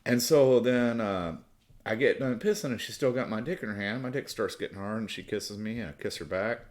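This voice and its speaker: A middle-aged American man with a lowish voice tells a raunchy personal story in a loose, rambling way. He swears freely and trails off with restarts as he talks to his podcast listeners. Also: brisk, darkish tone. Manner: crude, profane, rambling with restarts.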